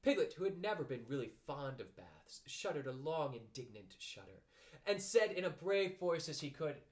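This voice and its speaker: A man narrating a children's storybook in a gentle, expressive way. His voice sits a little high for a man and moves in lively rises and falls. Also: moderate pace. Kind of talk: storybook reading.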